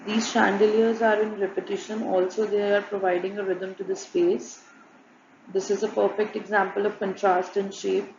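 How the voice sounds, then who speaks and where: Woman flatly narrating a design presentation. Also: mid-range voice, normal speed, vocal fry, background noise. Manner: flat, repetitive listing of examples. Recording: muffled, echoey room with faint ambience.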